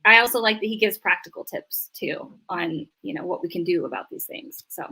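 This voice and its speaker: A woman's voice: on the low side, fairly quick, creaky, bright, forceful tone, breathy edge. A middle-aged woman, a family therapist, chatting animatedly in an interview and acting out voices when she quotes people. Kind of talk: casual interview chat.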